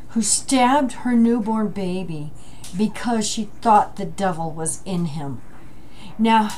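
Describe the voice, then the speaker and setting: A middle-aged woman vlogging from home, speaking emotionally and haltingly and apologizing as she goes. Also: fairly high pitch, mellow, a little hiss or hum. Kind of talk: emotional commentary vlog. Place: home with a dryer running. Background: a dryer running.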